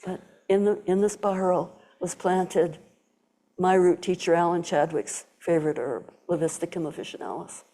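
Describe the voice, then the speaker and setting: A woman's voice: fairly low pitch, normal speed, warm tone. An older woman giving a storytelling Zen talk to a live audience, acting out quoted voices and dropping to whispers.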